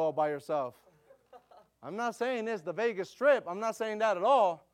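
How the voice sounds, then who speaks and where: A middle-aged American man preaching a sermon as a missionary, telling stories in an animated way and calling out to his audience. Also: sits high. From United States. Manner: animated, quick storytelling with audience call-outs. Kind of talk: storytelling sermon.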